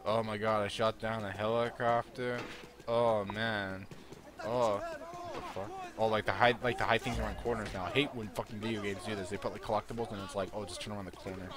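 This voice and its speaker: A man's voice: on the low side, level tone, fairly quick. A young man giving annoyed, sarcastic gameplay commentary and swearing a lot. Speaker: let's play commentator.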